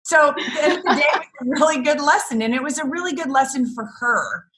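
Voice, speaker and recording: A middle-aged woman with a bright, forceful voice tells family stories in a relaxed interview. She is an animated storyteller who laughs often, and her pitch sits a little high. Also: fast. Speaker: guest, business coach for photographers. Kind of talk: casual interview chat.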